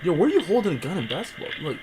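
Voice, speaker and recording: A young man co-hosts a casual podcast chat. He fires back short slangy reactions. His pitch leaps around wildly and sits a little on the high side. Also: huge pitch swings, rapid-fire, music in the background, poor audio. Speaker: podcast co-host.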